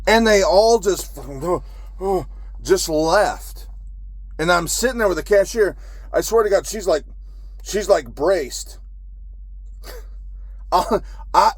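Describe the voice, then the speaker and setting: A man's voice: high voice, dry recording. A man who is a military veteran, telling a story in an agitated, profane ranting monologue.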